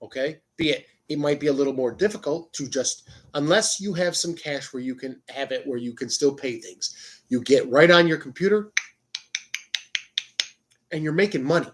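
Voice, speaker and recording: Male show host, slightly high voice, casual rambling monologue, profane, interrupts himself often. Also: animated, normal speed, a little hiss or hum. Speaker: podcast host.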